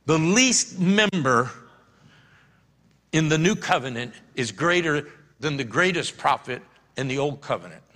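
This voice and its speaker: A man's voice: mid-range voice, expressive, normal speed, bright, forceful tone. A middle-aged man preaching a sermon as pastor, telling folksy stories and laughing often. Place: church sanctuary. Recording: long hall reverb.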